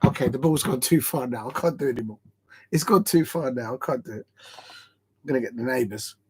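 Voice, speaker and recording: A man's voice: mid-range voice, brisk, very noisy. A man chatting on a live football watch-along stream. He rambles, laughs, and sounds tired and short of breath. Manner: chatty and rambling, laughing between tries at headers.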